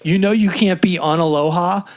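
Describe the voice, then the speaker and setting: A man's voice: high-pitched, a little fast. A man co-hosting a podcast, telling stories in casual chat, acting out quotes and swearing freely. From New York. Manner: animated storyteller, acts out quotes, swears freely. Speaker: podcast co-host.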